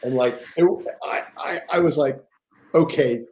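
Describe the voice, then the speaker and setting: An older man, a guest author, telling stories in a casual interview, animated and rambling with frequent restarts. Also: mid-range voice, normal speed.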